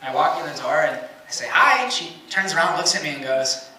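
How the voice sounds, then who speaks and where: A man's voice: fairly high pitch, fast talker. A young man performing a stand-up comedy set, telling a family story and acting out his parents' lines. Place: comedy stage with a laughing audience. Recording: roomy, distant live room with loud noise.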